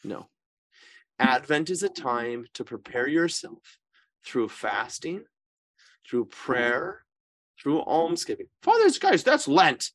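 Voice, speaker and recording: Emphatic priest teaching scripture. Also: male voice, a little high, big pitch swings, slow, long pauses, fairly bright tone. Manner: emphatic, often checks in with "right?" and "okay?"; restarts and corrects himself mid-sentence. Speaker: priest leading a Bible study.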